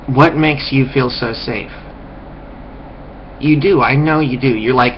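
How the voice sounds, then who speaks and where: A man rambles through a contemptuous rant at a slow, dragging pace, stumbling and restarting his phrases. His voice sits at an average pitch. The recording is dull and lo-fi with a faint background hiss. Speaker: vlogger. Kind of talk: ranting monologue.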